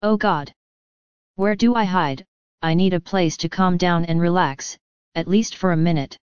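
Weary male sports star, fast and exasperated, lo-fi, woman narrator. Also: sits high, smooth, no room sound, lightly acted. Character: weary male sports legend craving privacy.

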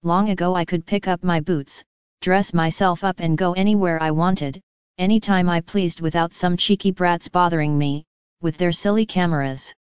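A man's voice: sits high, fairly even intonation, normal speed, clear, resonant tone, no room sound, muffled recording, lightly acted. Woman playing an exasperated sports star. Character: weary male sports legend craving privacy.

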